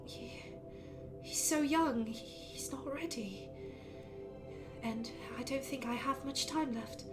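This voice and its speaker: A woman's voice: sits high, slow pace, over music. A woman playing a fretful aging elf mother. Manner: sighing, fretful, prim politeness. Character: aging high elf mother, doting and fussy.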